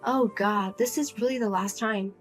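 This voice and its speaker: Woman playing a grown daughter, low, quiet, blunt, cold, lecturing, family drama. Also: moderate pace, soft background music, lightly acted. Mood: firm, exasperated. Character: single adult daughter, firm and exasperated.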